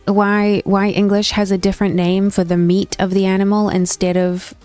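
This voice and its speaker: In a dry, clean recording, a young woman gaming streamer speaks at normal speed with a mid-range, slightly mellow voice and flat delivery. She casually chats back to her viewers' comments, giving opinions and restarting frequently as she thinks aloud. Faint stream background music plays.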